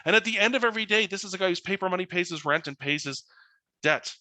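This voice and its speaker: A man's voice: high-pitched, fast, dry recording. A man, a financial educator telling anecdotes in an online webinar presentation. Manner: animated anecdotal storytelling.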